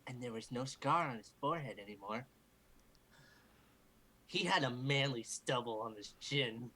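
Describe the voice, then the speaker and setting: A man's voice: medium pitch, moderate pace, pushed and bright, low-quality recording. Man reading aloud with mock drama. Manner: mock-dramatic, breaks off to joke and swear. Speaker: group reader. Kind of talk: comic reading aloud of fan fiction. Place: home recording for a livestream.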